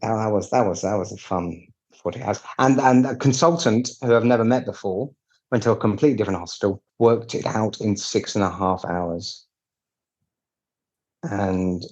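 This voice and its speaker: A man from the UK talks through his story with wry candor, slipping into the voices of people he quotes. His voice sits low and has a husky, breathy edge. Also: steady tone, moderate pace, pauses often, a little mellow, lo-fi sound. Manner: candid, wry, acts out quoted dialogue with restarts. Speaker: piano technician guest. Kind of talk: casual storytelling interview.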